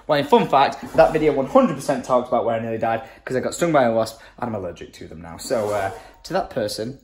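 A man's voice: mid-range voice, expressive, fast talker, slight background noise. A tired man from England, vlogging in rambling, self-mocking casual chat.

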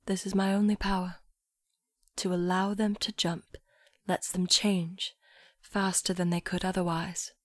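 A calm, murmuring young man guides her with soft, near-whispered words, as a woman reads him in a storybook. His delivery is slow and unhurried, and the recording sounds close and dry with no room around it. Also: lowish voice, no echo. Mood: gentle. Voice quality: murmuring, thick unplaced accent. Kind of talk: audiobook story reading.

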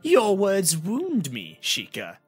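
A man voicing an eccentric male mask seller in an audiobook, speaking in a high, sing-song, theatrical way. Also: huge pitch swings, takes it slowly, husky, soft background music, full character voice. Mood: ominous.

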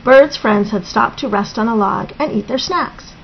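A woman reading a picture book aloud to a child in an expressive storytelling manner, on a dull lo-fi recording. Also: fairly high pitch, moderate pace, vocal fry, a little hiss or hum.

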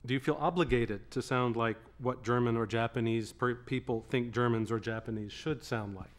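A man at a public reading who asks the author a long prepared question, measured and with frequent pauses. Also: mid-range voice, steady tone. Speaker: moderator.

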